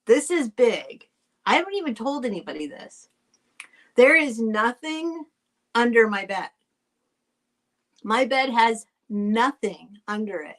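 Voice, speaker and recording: A woman's voice: fairly high pitch, fairly bright tone. A middle-aged woman chatting casually while selling items on a live stream, rambling and thanking buyers by name. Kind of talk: casual live sale chat.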